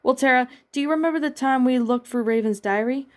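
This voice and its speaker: A woman's voice: sits high, fast, voice pushed up, lightly acted. A woman voicing a nervous, guilty teen alien girl hero, pleading and apologetic in a fan-fiction reading. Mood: anxious.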